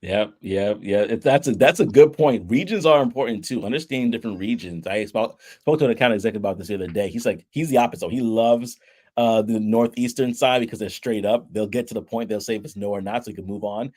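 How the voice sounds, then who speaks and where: A man's voice: fairly low pitch, quick pace, a little mellow. A man hosting a casual interview, asking questions and sharing his own sales stories in a friendly, conversational way. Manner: friendly, conversational, asks questions with filler words. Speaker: podcast host.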